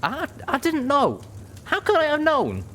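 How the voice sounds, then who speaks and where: A man voicing a boastful, excitable young male pegasus sharpshooter in a storybook reading. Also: very high-pitched, moderate pace, a little hiss or hum, voice pushed up, exaggerated voice. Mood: shocked.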